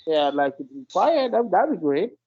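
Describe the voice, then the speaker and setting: A man's voice: high voice, sing-song, a little fast, a little hiss or hum. Laid-back man agreeing along. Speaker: podcast co-host. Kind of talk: casual chat. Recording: dull lo-fi audio.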